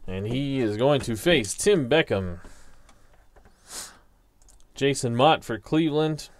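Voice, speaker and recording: Slow, deliberate man calling simulated baseball. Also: medium pitch, expressive, dry recording. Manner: slow and deliberate, reading out dice rolls and stats. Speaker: league commissioner calling a tabletop baseball sim. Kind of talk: play-by-play commentary.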